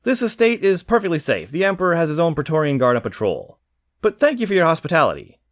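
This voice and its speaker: A man's voice: a little high, big pitch swings, quick pace, no room sound, studio quality, pitched above the performer's own voice. Nervous middle-aged Roman official, formal and stammering, read by a man. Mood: polite.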